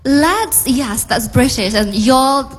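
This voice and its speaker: A woman acting as an English tutor, gently explaining what sounds natural, speaking in a reverberant hall with music behind. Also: sits high, animated, takes it slowly, breathy edge. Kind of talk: explaining English usage to an audience.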